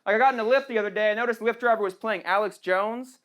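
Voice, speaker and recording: A woman's voice: on the high side, very fast. A young trans woman doing a sarcastic, punchy stand-up comedy set on a small club stage. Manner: brash, sarcastic, punchy delivery with frequent "right?" tags. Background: audience laughter.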